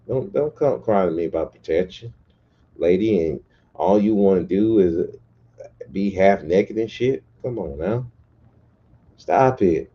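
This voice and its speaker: A man's voice: lowish voice, highs cut off. A man hosting a podcast livestream, ranting bluntly and profanely in a casual, repetitive way. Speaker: podcast host.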